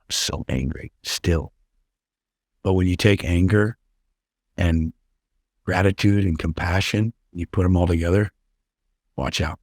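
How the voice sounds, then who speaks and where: Blunt, intense man with a low voice. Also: steady tone, measured pace, long pauses, darkish tone, no echo, studio quality. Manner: intense, blunt, swears freely. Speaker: podcast guest. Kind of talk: candid interview talk.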